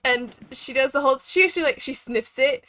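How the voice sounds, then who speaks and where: A woman game master narrating a tabletop game with a high, bright voice. She talks animatedly, laughing often, recorded close and dry with no room sound. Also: fairly quick, dry recording.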